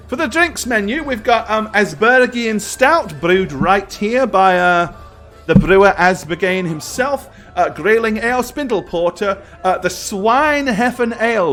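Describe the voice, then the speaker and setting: This is an overworked barmaid in her mid-thirties, given voice by a man pitching well up. She sounds tired and put-upon, yet runs through the menu in a quick, chatty patter. Soft music hums behind her. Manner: sighing, harried, chatty when listing. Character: weary mid-thirties tavern serving woman.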